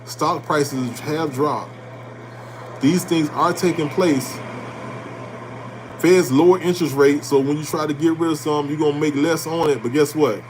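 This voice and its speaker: A man with a notably high voice delivers a fired-up motivational talk about money. He is blunt and preachy, repeats his lines for emphasis, and drops casual curses. Faint background noise sits under the recording. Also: measured pace. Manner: blunt, with casual swearing and colloquial grammar. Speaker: host. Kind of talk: animated motivational talk on finance.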